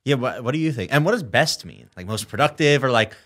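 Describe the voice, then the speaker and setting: A young man on a podcast among friends whose pitch moves animatedly as he talks. He presses with pointed questions and slips in dry teasing. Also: expressive, fast, fairly bright tone. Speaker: podcast co-host. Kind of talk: casual chat.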